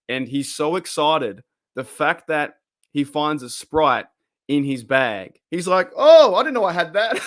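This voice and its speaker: A young Australian man hosting a live-streamed fan show, chatting excitably and rambling with many restarts. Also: medium pitch, dry recording, studio quality. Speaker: fan podcast host.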